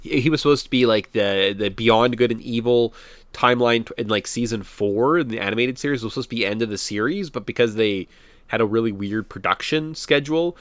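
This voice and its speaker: A man with a cold, co-hosting a casual podcast about retro video games, excitedly recapping game stages and slipping into quoted voices. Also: medium pitch, brisk, no echo. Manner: animated, jumps into quoted voices. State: has a cold. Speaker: podcast co-host.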